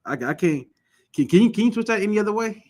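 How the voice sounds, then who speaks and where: A man's voice: high-pitched, quick pace. Emphatic man teaching a scripture class. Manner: emphatic, repetitive, questions to the class; lively storytelling.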